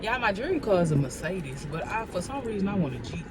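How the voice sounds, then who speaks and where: A woman's voice: medium pitch, big pitch swings, fairly quick. A woman in her thirties, an expecting first-time mom, chatting casually and rambling straight to her viewers in a vlog. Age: 30s. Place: out shopping and walking to her car, then in the car. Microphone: handheld phone. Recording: outdoor phone recording with traffic noise.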